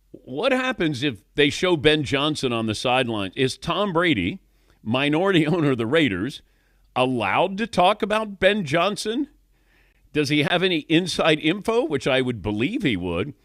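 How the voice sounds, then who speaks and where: Lively-voiced male sports talk host. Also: mid-range voice, no echo, studio quality. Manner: animated, chatty, laughs often.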